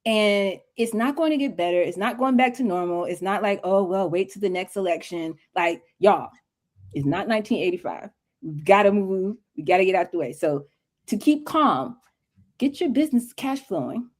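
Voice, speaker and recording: A woman's voice: mid-range voice, lively intonation, moderate pace. A woman speaking as a guest mentor on a livestream interview, talking in an emphatic, preachy, colloquial way over a video call.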